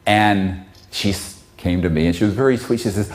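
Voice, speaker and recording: A man's voice: fairly low pitch, normal speed, darkish tone. A man giving an impassioned public talk, fiery and emphatic. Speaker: public speaker.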